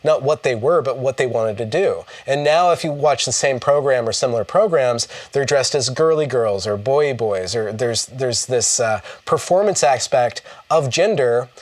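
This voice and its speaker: A man's voice: mid-range voice, animated, moderate pace, few pauses, no room sound. Man, livestream host, conversational, stammering restarts, dry sound, slightly distant from the mic. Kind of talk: casual livestream discussion.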